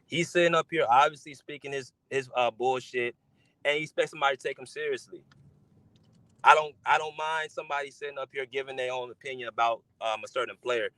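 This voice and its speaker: A man's voice: mid-range voice, quick pace, pushed and bright, no room sound, low-quality recording. Frustrated man scolding on a podcast. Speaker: podcast co-host. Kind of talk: heated podcast rant.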